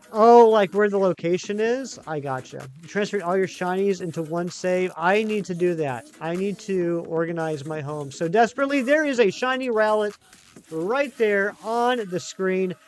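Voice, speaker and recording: Male streamer, high voice, chatty and excitable, faint music underneath. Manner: chatty, excitable, talks to chat. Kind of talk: live gaming stream chat.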